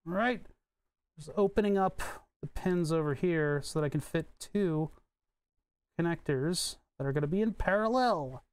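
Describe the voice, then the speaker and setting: A man's voice: on the high side, moderate pace, darkish tone, clear, resonant tone, no echo. A man live-streaming as he solders electronics, muttering to himself and answering questions from chat in a casual, rambling way.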